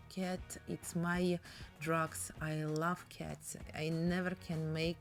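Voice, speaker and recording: A woman's voice: sits low, level tone, takes it slowly, loud music behind the voice. A woman with a Russian accent teaching painting in a casual, chatty tutorial, speaking in broken English.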